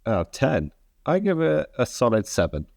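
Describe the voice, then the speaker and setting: A man's voice: medium pitch, wildly swooping pitch, normal speed, vocal fry, darkish tone, no room sound, studio quality. A man co-hosting a podcast in casual chat, talking hesitantly with many likes and restarts. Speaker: podcast co-host.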